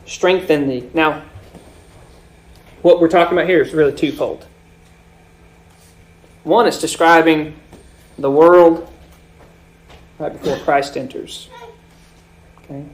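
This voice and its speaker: A man preaching a sermon, explaining scripture with swells and sudden drops in loudness. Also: fairly high pitch, fairly even intonation, slow, long pauses. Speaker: pastor.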